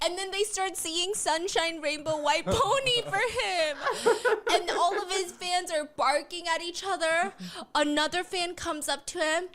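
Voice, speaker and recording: A woman hosting a casual chat, telling a story in an animated way. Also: extremely high pitch, moderate pace. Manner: animated storytelling, acting out quotes. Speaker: host.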